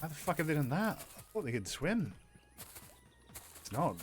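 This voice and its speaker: A man's voice: a little high, sing-song, normal speed, long pauses, soft background music. A man streaming a game, rambling and joking, swearing a lot and mumbling asides. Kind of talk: casual gameplay commentary.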